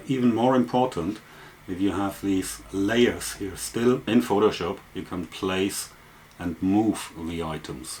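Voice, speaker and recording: A man's voice: low-pitched, slight background noise. A man walking through a photography and photo-editing tutorial step by step, explaining as he goes with frequent fillers. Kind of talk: screen-recorded software tutorial.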